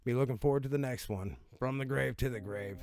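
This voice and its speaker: A man's voice: medium pitch, brisk, over loud music. A man hosting a casual video, reading out laws and reacting with swearing, laughter and stumbles over words. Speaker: video host.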